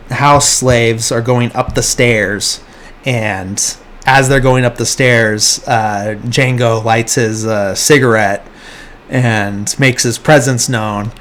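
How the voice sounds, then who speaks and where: A man hosts a podcast and walks through a film's plot at an unhurried, slow pace. His retelling is loose and rambling, with quick bits where he mimics the characters. His voice sits at an ordinary middle pitch for a man. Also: slight background noise. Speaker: podcast host. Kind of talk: casual movie plot recap.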